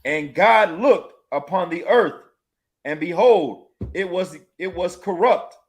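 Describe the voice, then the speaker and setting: A man with a fairly high voice reads scripture aloud very slowly. He stumbles and repeats words as he goes. His reading is halting and careful. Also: slight background noise. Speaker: scripture reader.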